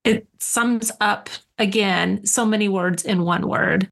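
A woman's voice: mid-range voice, steady tone, slow, gravelly, a bit bright. A woman co-hosting a podcast, chatting casually and enthusiastically, laughing as she talks. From United States. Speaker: podcast co-host.

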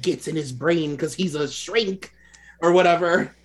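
A man's voice: on the high side, measured pace. A man co-hosting a podcast, talking about horror films in a rambling way, full of "like" and laughs. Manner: rambling, heavy use of "like", laughs along. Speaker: podcast co-host. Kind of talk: casual movie chat.

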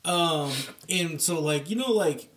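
A man chats casually on a podcast in a loose, rambling way that leans on fillers. His voice sits a little high for a man. He sounds set back from the microphone. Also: takes it slowly. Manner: relaxed, rambling, full of fillers. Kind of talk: casual chat. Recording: distant from the mic.

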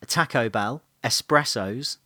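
A man's voice: medium pitch, measured pace, pushed and bright, no echo, clean studio sound. A man co-hosting a podcast in casual chat, telling playful, giggly stories. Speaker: podcast co-host.

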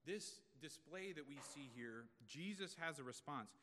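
A man's voice: a little high, animated, moderate pace, bright, forceful tone, slight background noise. A male pastor giving an expository sermon in a conversational way, asking the congregation rhetorical questions. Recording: long reverb of a large room.

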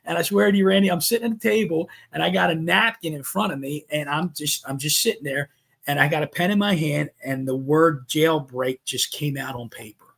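A man with a slightly high, husky voice sits as a podcast guest. He tells his story in an animated way and slips into his own past thoughts as he goes. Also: brisk.

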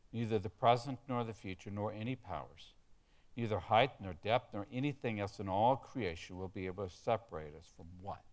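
A pastor preaching a sermon. He stresses key words and gets the congregation to repeat lines back to him. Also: on the low side. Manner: emphatic, leads the congregation in call-and-response.

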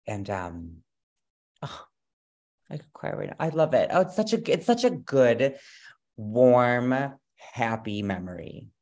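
A man's voice: mid-range voice, sing-song, takes it slowly, pauses often, darkish tone. A man from Madison, Wisconsin, a drag performer chatting as an interview guest, gushing and campy with lots of playful slang. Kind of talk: casual interview chat.

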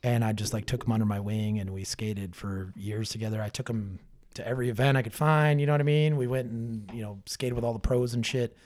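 A brewery owner in his thirties chats as a podcast guest in a fairly quick, lowish, slightly mellow voice with fairly even intonation. He's laid-back and loose, swearing heavily and filling his speech with fillers and restarts.

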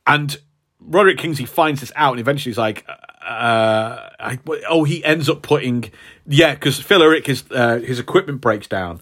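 A man's voice: medium pitch, moderate pace, fairly bright tone. A man co-hosting a casual chat, recapping a story in a rambling way with lots of fillers. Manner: rambling, hesitant with many fillers. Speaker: podcast co-host.

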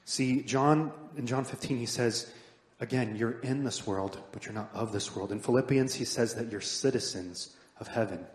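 A man's voice: mid-range voice, normal speed. Earnest preacher man in an echoey hall. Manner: earnest, builds up then drops to soft emphatic endings. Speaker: pastor. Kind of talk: sermon. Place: church sanctuary. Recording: echoey hall with long reverb.

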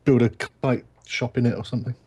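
A man's voice: medium pitch, flat delivery, brisk, a little mellow, breathy edge. Laid-back man telling a holiday story. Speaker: podcast co-host. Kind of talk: casual group podcast chat.

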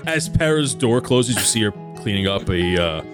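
A man running a tabletop game as game master, narrating scenes in a lively way. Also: fairly low pitch, normal speed, music in the background.

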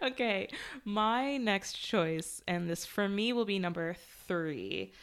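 A woman's voice: medium pitch, very animated, slow pace, smooth. A woman co-hosting a podcast in casual chat, breezy and joking, swearing casually. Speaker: podcast co-host.

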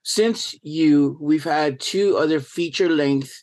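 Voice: mid-range voice, slow, a little mellow. A podcast host interviewing a guest with enthusiastic, rambling talk full of restarts.

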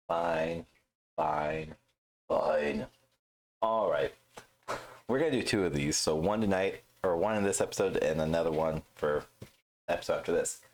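A man's voice: deep voice, a little fast, slight background noise. A man co-hosting a podcast in casual chat, blunt and teasing, swearing freely. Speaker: podcast co-host.

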